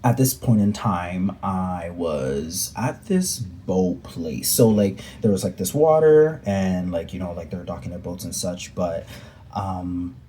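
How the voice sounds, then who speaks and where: A young man telling a story to the camera, joking and animated, with many filler words. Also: low voice, measured pace, a little hiss or hum. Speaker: vlogger. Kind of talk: storytime vlog.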